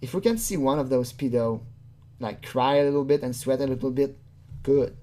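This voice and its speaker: A host talking casually into a home desk mic, reacting to a clip with scorn and swearing. The voice sits at a middle pitch and keeps jumping up into a high, whiny voice for mocking impressions. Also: moderate pace, dark tone. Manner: mocking, profane, mimics others in a high whiny voice. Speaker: commentary channel host.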